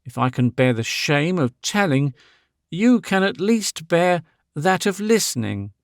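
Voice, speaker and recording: A man's voice: high-pitched, sing-song, slow, no echo, studio quality, voice pushed up, exaggerated voice. A man voicing a proud, icy young woman in an audiobook, cold and clipped, cutting with sarcasm. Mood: icy, sarcastic. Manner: cold, clipped, imperious questioning. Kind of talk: audiobook character voice.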